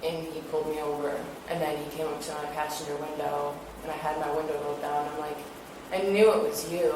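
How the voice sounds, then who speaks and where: A young woman casually retelling events, chatty and full of fillers, acting out what others said. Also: sits low. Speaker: interviewee recounting an incident. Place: interview room. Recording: echoey room, far from mic, hiss.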